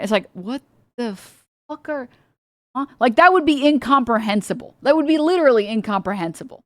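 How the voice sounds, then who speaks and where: A woman's voice: a little high, animated, brisk, fairly bright tone, dry recording, studio quality. Incredulous, swearing woman streamer. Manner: incredulous, profane ranting. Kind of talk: live-stream reaction commentary.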